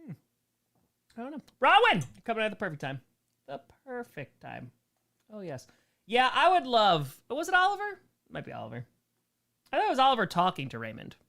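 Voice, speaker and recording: A man's voice: high-pitched, huge pitch swings, fairly quick, creaky, pauses often, pushed and bright. A young man hosts a members Q&A stream, reading chat and answering with dry, sarcastic humor. His voice swings widely up and down, and he laughs easily between lines. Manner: joking, sarcastic, laughs often. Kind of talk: casual livestream chat reading comments.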